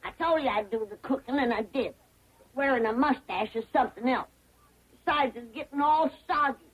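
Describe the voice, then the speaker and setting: An actress playing a feisty older hillbilly grandmother in a 1960s sitcom, sharp-tongued. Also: high-pitched, fairly quick, highs cut off. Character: feisty old hillbilly granny, the cook. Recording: old TV audio with laugh track.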